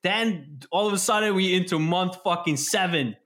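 A man chatting casually on a podcast, animated and swearing constantly as he acts out scenes. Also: high-pitched, moderate pace. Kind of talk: casual profane chat.

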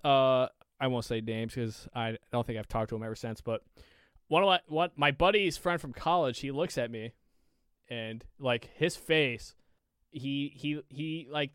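A podcast co-host telling a casual story, rambling with lots of fillers and swearing freely. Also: male voice, mid-range voice, fairly bright tone, clear, resonant tone, no echo, clean studio sound.

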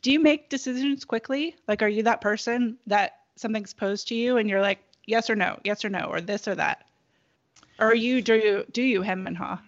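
A woman's voice: medium pitch, moderate pace. A woman hosting an interview, curious, asking long rambling questions. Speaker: interview host. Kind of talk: conversational interview. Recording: muffled lo-fi audio.

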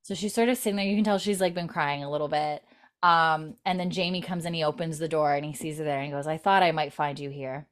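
A woman's voice: low voice, fairly even intonation, fast talker. A woman recapping a TV episode in casual chat, quoting characters in lightly put-on voices and giggling often. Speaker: recap host.

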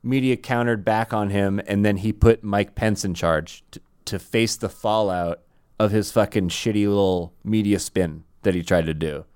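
A man's voice: fairly low pitch, steady tone, moderate pace, a little mellow, clean tone, no room sound, clean studio sound. A young man for whom English is not his first language, casually chatting and mocking politicians with wry paraphrases. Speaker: podcast co-host. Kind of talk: casual chat.

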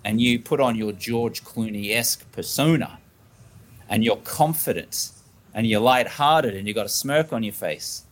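A man's voice: medium pitch, a little slow. A man with an Australian accent, a podcast guest who talks casually and animatedly, acting out little scenes as he makes his point. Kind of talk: casual interview talk.

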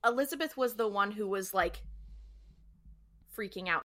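Bright, joking woman podcaster. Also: medium pitch, lively intonation. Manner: joking, quick asides. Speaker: podcast co-host. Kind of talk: casual recap chat.

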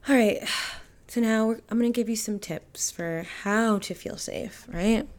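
A woman's voice: a little high, unhurried, a little mellow. A young woman hosting a podcast, talking candidly and emotionally in a rambling, filler-heavy way. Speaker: podcast host. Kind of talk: casual confessional monologue.

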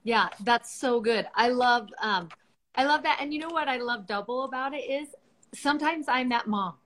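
A woman's voice: a little high, moderate pace. A woman co-hosting a casual faith discussion, affirming and responsive, a mother. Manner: affirming, warm listener. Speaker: podcast co-host.

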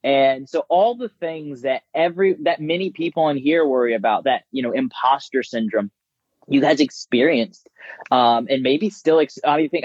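A man who works as a business coach, talking casually and telling stories with lively impressions of others. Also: mid-range voice, no room sound, lo-fi sound. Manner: animated storyteller, mimics voices. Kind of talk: casual conversation.

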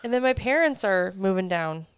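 A woman's voice: mid-range voice, expressive, moderate pace, clear, resonant tone, no echo, clean studio sound. A woman in her thirties co-hosting a podcast, chatting in an upbeat, friendly way. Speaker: podcast co-host. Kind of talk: casual chat.

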